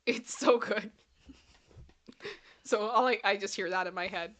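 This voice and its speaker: A woman's voice: mid-range voice, measured pace, pauses often, sharp tone, lo-fi sound. A woman hosting a casual pop culture chat stream, reading viewer comments aloud, laughing often and singing bits of songs. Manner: giggly, breaks into frequent laughter and sung snippets.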